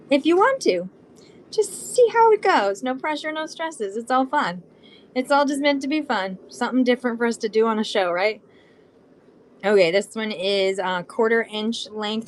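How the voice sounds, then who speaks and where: Chatty bubbly Southern California woman. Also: medium pitch. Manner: chatty, bubbly, talks to viewers. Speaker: live shopping seller. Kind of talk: casual live-stream selling chat.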